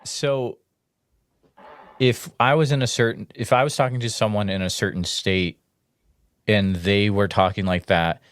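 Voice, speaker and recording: Deep, smooth-voiced male host, unhurried interviewer, dry sound. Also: fairly even intonation, dry recording. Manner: unhurried, searching questions. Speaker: podcast host. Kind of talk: casual interview questions.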